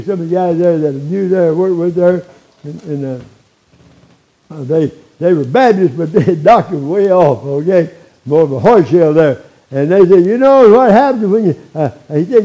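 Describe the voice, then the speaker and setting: Man in his eighties, preacher, folksy sermon, high-pitched, mellow tone, keeps asking "all right?". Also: lively intonation, moderate pace, rough recording. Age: 80s. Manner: folksy, frequent tag questions like "all right?".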